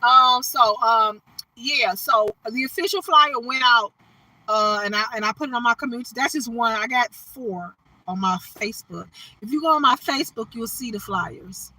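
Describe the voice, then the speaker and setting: A woman speaks in a casual, chatty livestream. Her voice sits a little high and comes across bright and forceful. The sound is dry and close, with no room around it. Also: moderate pace, no echo, low-quality recording. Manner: animated, chatty, shouts and laughs with viewers. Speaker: livestream host.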